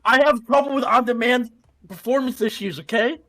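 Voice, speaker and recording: Man, high voice, hesitant, repeats himself, casual chat. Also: fairly quick, a loud crowd. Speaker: player.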